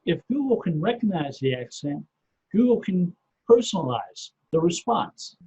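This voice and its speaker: A middle-aged man speaks in a high, warm-toned voice with a husky edge. He explains things patiently, step by step, often repeating his first word. The podcast audio sounds dull and muffled. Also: big pitch swings, normal speed. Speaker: podcast guest, SEO researcher. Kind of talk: casual explanatory interview talk.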